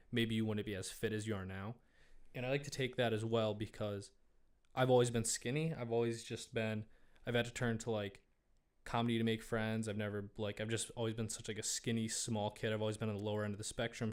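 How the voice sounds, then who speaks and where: Young man, podcast co-host, low-ish smooth voice, upbeat. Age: young adult. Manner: interviewing, upbeat, affirming. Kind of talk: casual podcast chat.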